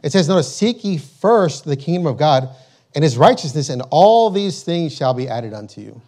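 A man with a high voice delivers a sermon in an emphatic, repetitive way. He hammers the same points home and slows right down when he reads out scripture. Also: lively intonation, a little mellow. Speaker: preacher.

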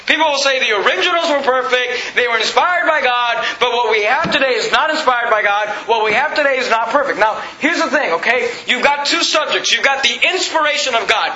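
A man's voice: very high voice, animated, fairly quick, hardly any pauses, bright, forceful tone. A man preaching a sermon, emphatic and repetitive, quoting scripture and putting questions to the congregation. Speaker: pastor. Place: church sanctuary. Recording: echoey, dull sanctuary recording.

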